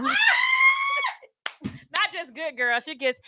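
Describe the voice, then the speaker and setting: Giggly high-voiced woman. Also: slow pace, shouting. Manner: giggly, animated storytelling. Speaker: radio show co-host. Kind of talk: casual chat.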